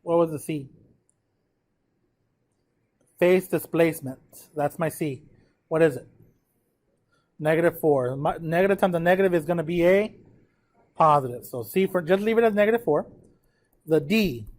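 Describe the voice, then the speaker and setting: A man teaching a math lesson to his students, his voice pitched slightly above the usual for a man. He works through a graph step by step, counts numbers aloud and keeps checking that the class is following. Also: normal speed, pauses often, darkish tone.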